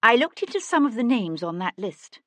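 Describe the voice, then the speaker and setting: A woman narrator voicing a composed, earnest young gentlewoman in an audiobook, speaking in a measured, pleading way. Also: on the high side, sing-song, dry recording, voice pushed up.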